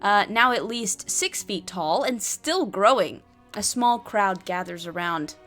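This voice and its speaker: A woman's voice: mid-range voice, expressive, slow, a bit bright, soft background music. A woman reading and playing through a solo tabletop adventure, with chatty asides and many fillers. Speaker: solo game player and narrator.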